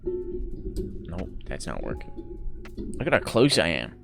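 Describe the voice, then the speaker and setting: A man's voice: deep voice, huge pitch swings, creaky, music in the background. A young man streaming live, chatting casually with viewers in a playful, rambling way and arguing jokingly. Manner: playful, rambling, quick to laugh and argue jokingly. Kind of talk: casual chat reacting to viewer chat.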